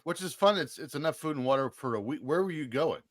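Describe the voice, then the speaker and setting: A man's voice: a little high, lively intonation, fast, dry recording. A man co-hosting a podcast in casual chat, arguing his point and swearing freely. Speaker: podcast co-host.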